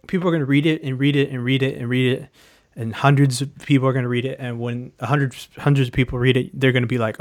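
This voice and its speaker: A man's voice: mid-range voice, fairly even intonation, quick pace. A man in casual chat, speaking hesitantly with frequent restarts and fillers. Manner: hesitant, many restarts and "you know".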